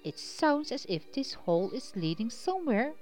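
A woman voicing a brave, worried man in a children's storybook who calls out loudly. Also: a little high, sing-song, moderate pace, soft background music. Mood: earnest.

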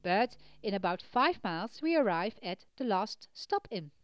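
A woman reading a storybook voices a polite male coachman who speaks in a measured, courteous way. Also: mid-range voice, big pitch swings, clear, resonant tone, no room sound. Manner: polite and measured, quietly warning.

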